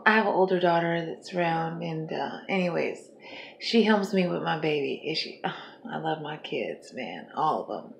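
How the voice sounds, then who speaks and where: A woman's voice: fairly low pitch, gravelly, a little hiss or hum. Tired, rambling, foul-mouthed middle-aged woman. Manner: rambling, profane, laughs often. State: tired, up all night. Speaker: vlogger. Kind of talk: casual rambling vlog. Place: at home.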